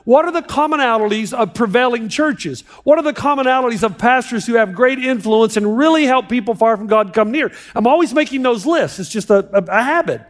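A man preaching a sermon as pastor, animated and joking with a live audience in a large hall. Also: very high voice, a little fast, hardly any pauses. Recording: long hall reverb.

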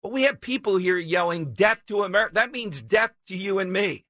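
A man's voice: sits high, animated, moderate pace, pushed and bright, no room sound. A man hosting a talk radio show, giving emphatic, sarcastic commentary into a studio mic.

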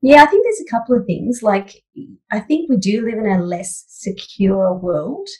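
A woman's voice: mid-range voice, very animated, moderate pace, poor audio. Woman psychologist talking things through. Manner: thoughtful, frequent "you know" fillers, warm laughs. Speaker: psychologist guest. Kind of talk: conversational interview answers.

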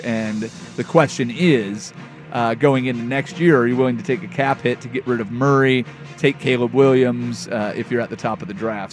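A man hosting a sports radio show, giving relaxed analysis and bantering with his co-host. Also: medium pitch. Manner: conversational, loud bursts of excitement.

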